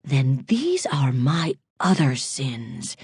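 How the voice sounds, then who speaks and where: Lady doing a husky low-voiced killer guy, slow and creepy calm, swings his pitch around a lot. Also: no room sound, studio quality, heavily acted. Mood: eerily calm. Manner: taunting, eerily calm then snapping. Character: menacing middle-aged male killer, cold and unhinged. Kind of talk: audiobook character voice.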